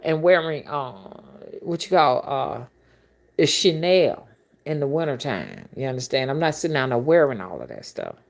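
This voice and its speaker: Low-voiced woman telling blunt stories. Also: sing-song, moderate pace, vocal fry. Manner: blunt, colorful, exclamatory storytelling with asides to viewers. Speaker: rootworker and spiritual reader. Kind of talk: casual storytelling to camera.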